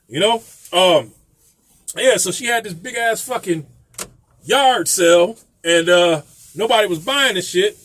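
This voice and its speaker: A man's voice: high-pitched, expressive, unhurried, fairly bright tone, no room sound. A man casually telling a profane story, laughing often. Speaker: vlogger telling a landlord story.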